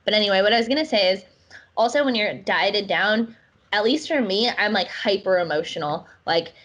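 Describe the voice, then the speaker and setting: A woman's voice: mid-range voice, animated, brisk, fairly bright tone. A woman co-hosting a casual podcast, chatty and candid, with "like" in almost every sentence. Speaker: co-host.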